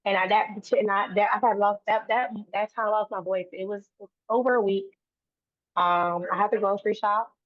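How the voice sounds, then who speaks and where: Brief: woman guest, earnest and rambling, mid-pitched, dry tinny phone-like sound. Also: steady tone, normal speed, dry recording. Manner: earnest, run-on sentences with frequent restarts. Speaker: guest, autism advocate. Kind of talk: conversational interview.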